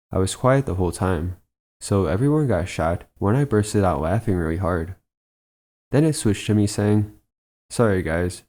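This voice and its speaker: A man reading aloud a first-person story someone sent in, in an even, unhurried storytelling manner. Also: sits low. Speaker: channel narrator. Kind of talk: reading a submitted first-person trip report.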